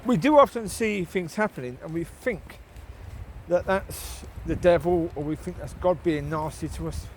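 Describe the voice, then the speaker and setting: A man's voice: fairly high pitch, normal speed, a little hiss or hum, poor audio. A man giving a casual, rambling spoken devotion while walking his dogs outdoors, often adding tag questions for the listener. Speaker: lay Christian vlogger.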